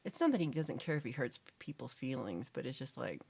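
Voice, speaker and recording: A woman from Texas hosting a casual livestream chat, reading viewer comments in a chatty, animated way and sometimes dropping to a whisper. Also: a bass voice, fairly quick, gravelly, breathy edge. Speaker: livestream host.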